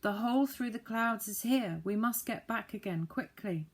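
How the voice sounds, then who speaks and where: A woman voices an eager, bold young boy from a children's story. He speaks briskly, a touch higher than her own low voice, and always keen to rush ahead. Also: breathy edge. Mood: urgent.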